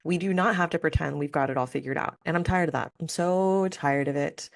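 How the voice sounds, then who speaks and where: Woman podcast host, low voice, dry close sound, candid and emotional, casual fillers. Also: fairly quick, vocal fry, no room sound. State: near tears at times. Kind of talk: personal spiritual podcast monologue.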